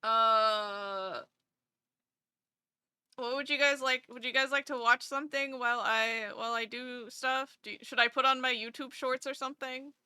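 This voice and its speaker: A woman's voice: high voice, steady tone, fairly quick, hardly any pauses, sharp tone, clear, resonant tone, dry recording, clean studio sound. A woman streaming live and chatting casually with her viewers in a bubbly, gushing way. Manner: bubbly, chatty, gushing over cute things.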